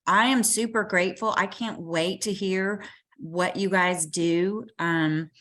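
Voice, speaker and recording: A woman's voice: on the low side, slow, fairly bright tone. A woman hosting an interview on a video call, gushing with praise and thanks. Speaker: host.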